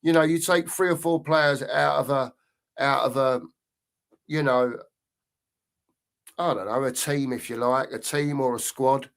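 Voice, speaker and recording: A man's voice: medium pitch, steady tone, unhurried, vocal fry, long pauses. A man hosting a casual livestream, reading out viewer comments and bantering with them by name. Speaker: host.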